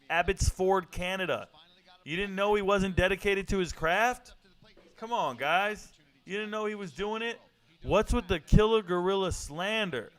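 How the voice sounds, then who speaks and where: A man's voice: high-pitched, fairly bright tone, clear, resonant tone. A man hosting a casual livestream, chatting loosely, joking and answering viewers' comments. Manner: laid-back, joking, reads and answers chat. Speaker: livestream host.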